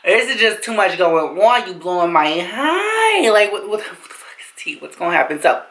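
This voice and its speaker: A woman's voice: mid-range voice, moderate pace, rough recording. Young woman telling a brash, slangy story. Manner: animated, slangy, profane storytelling. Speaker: vlogger. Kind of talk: storytime vlog.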